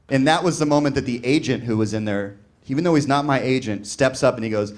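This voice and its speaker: On stage at a comedy venue, a man with a medium-pitched voice talks fast with hardly any pauses, spinning a long, rambling story packed with "like." He voices other people's quotes as the live audience laughs.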